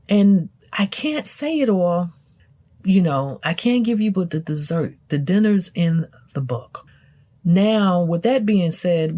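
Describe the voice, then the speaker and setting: A woman's voice: on the low side, mellow. A woman hosting a spiritual podcast, speaking emphatically to the listener with many rhetorical questions. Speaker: podcast host. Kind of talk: spiritual teaching monologue.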